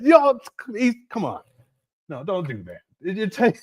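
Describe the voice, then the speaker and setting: A livestream host chats casually with a man's voice, often breaking into laughter as he reads viewer messages. His pitch swings hugely, from low mutters up to high exclamations, at a moderate pace. The audio is dry and close, with no room sound.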